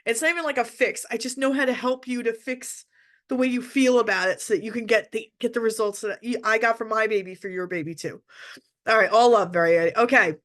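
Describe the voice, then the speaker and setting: Middle-aged woman running a webinar, blunt and heartfelt, kinda high voice, lots of restarts. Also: a little fast, a bit bright. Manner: direct, heartfelt, with many restarts. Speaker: workshop presenter. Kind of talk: emotional webinar talk to parents. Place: hotel room.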